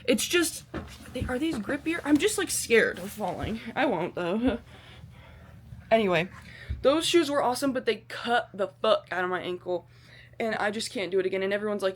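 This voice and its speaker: A woman's voice: fairly high pitch, lively intonation, normal speed. A woman vlogging in a casual, rambling way, bubbly and self-deprecating, swearing freely and using a lot of slang. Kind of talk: casual chatty vlog.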